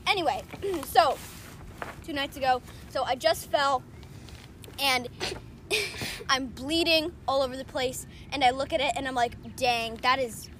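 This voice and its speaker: A woman's voice: high-pitched, unhurried, long pauses, fairly bright tone. A young woman telling a rambling story in a casual chat, giggling and saying "like" often. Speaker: co-host. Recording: faint background noise.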